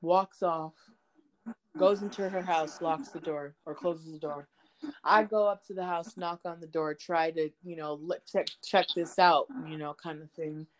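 A woman co-hosting a podcast from home, telling a story in casual chat, animated and profane, acting out the quotes. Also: low-pitched, measured pace, slight background noise, poor audio. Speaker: podcast co-host. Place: home, indoors.

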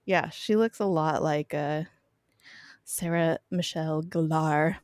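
A woman recapping a TV episode as a podcast guest, chatty and quick to laugh. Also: low-pitched, fairly even intonation, darkish tone, no room sound, studio quality. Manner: giggly, chatty storytelling with frequent laughs. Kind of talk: casual chat.

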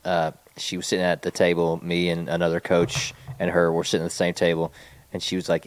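A young adult man co-hosting a podcast in casual chat, telling rambling, animated stories. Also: low-pitched, brisk. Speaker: podcast co-host.

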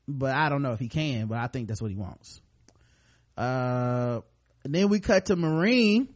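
A man's voice: medium pitch, animated, normal speed. A man hosting a podcast, recapping a show in loose, profane, storytelling chat. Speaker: podcast host.

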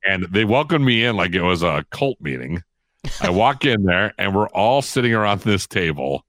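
A middle-aged man spins a long anecdote. His voice sits very low and comes across bright and forceful, and he laughs and acts out quotes along the way. The sound is close and dry. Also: no room sound. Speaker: guest storyteller. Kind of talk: casual storytelling.

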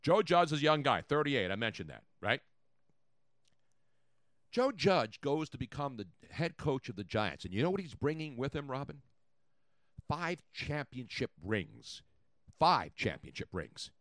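A man's voice: unhurried, long pauses, no room sound. This is a man hosting a sports talk show, and he talks with a lot of swing in his voice. He repeats his points to hammer them home. He is recorded close and dry, with no room sound. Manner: excitable, repeats points, jumps in pitch and volume. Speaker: sports radio host.

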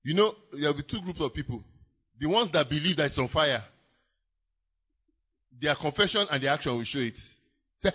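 A man preaching a sermon in church, acting out little scenes with loud exclamations. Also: high voice, fairly quick, long pauses, husky. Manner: animated, acts out scenes with shouted exclamations. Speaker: pastor. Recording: dull lo-fi church recording.

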